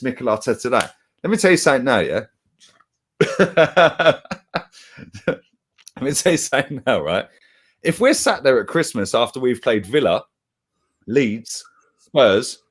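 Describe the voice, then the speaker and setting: Young bloke, fired-up fan pundit, swearing freely, voice bouncing up and down. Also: male voice, mid-range voice. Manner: animated, heated, swears, slangy. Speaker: football fan channel co-host. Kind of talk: casual football chat.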